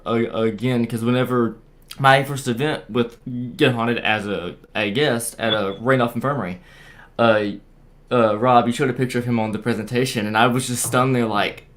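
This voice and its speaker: Halting, stammering young man. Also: mid-range voice, a bit bright. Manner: halting, repeats words and restarts often. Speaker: guest sharing a paranormal experience. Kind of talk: casual storytelling on a video call.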